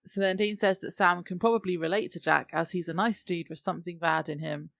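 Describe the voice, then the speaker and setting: A woman's voice: on the low side, fairly even intonation, a little fast, vocal fry, a bit bright. A woman co-hosting a podcast, summarizing scenes in casual chat with dry quips. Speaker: podcast co-host.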